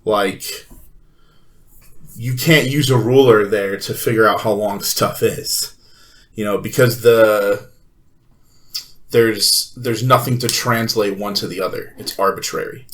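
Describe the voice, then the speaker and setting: Slow, hesitant male podcast co-host. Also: lowish voice, steady tone. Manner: slow, hesitant, thinks aloud with many fillers. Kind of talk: casual philosophical discussion.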